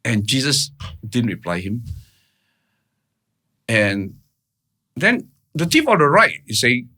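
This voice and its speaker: A man's voice: medium pitch, huge pitch swings, unhurried, pauses often, pushed and bright. A man speaking as a guest in an interview, telling a personal story in earnest, plain words and often checking in with "right?". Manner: keeps checking in with "right?" and "all right?"; earnest, plain-spoken retelling.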